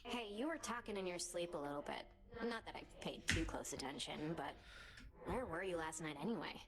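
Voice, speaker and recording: A woman's voice: lowish voice, lively intonation, brisk, lightly acted. An actress voicing a teasing, sarcastic young female ghost in a video game.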